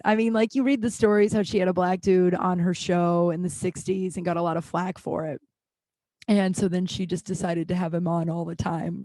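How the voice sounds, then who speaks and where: A woman's voice: mid-range voice, dry recording. Rambling, foul-mouthed woman podcaster. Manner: rambling, profane, self-deprecating; frequent filler words and restarts. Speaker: podcast host. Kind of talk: casual solo podcast chat.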